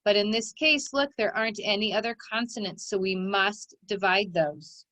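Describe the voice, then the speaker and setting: A woman's voice: medium pitch, moderate pace, a bit bright, no room sound, low-quality recording. A woman teaching a recorded phonics lesson to children, giving encouraging step-by-step instructions.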